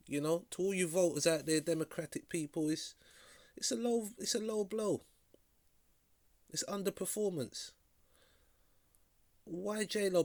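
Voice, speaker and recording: A man hosting a video reaction, talking critically in a halting way and often repeating words. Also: high voice, no room sound, clean studio sound. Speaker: vlog host reacting to a clip. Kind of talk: casual reaction commentary.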